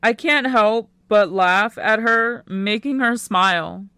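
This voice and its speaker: A woman narrating a first-person teen romance audiobook in a quiet, unhurried way. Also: medium pitch, clear, resonant tone, no echo.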